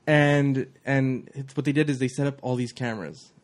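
A man's voice: medium pitch, steady tone, normal speed. A man hosting a casual chat, talking in loose rambling runs full of likes and restarts. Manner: rambling, many restarts and fillers. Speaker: host.

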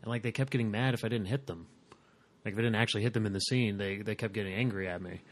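Low-voiced man in casual chat. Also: rapid-fire.

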